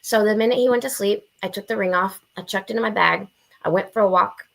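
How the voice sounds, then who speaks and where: A young adult woman telling a story on a podcast in a blunt, profane, animated way, acting out the quotes. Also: mid-range voice, quick pace, gravelly. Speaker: podcast guest. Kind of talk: casual storytelling.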